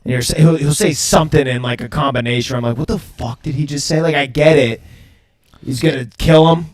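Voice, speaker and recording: A man's voice: fairly high pitch, fairly even intonation, a little fast. A man co-hosting a podcast, recapping a TV episode in loose, laughing chat with plenty of swearing. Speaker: podcast co-host.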